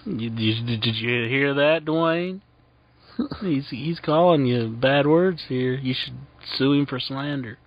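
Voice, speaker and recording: A man's voice: medium pitch, takes it slowly. Teasing co-host man, lo-fi. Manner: teasing, laughs along. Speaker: radio show co-host. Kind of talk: casual talk radio banter. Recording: dull lo-fi sound.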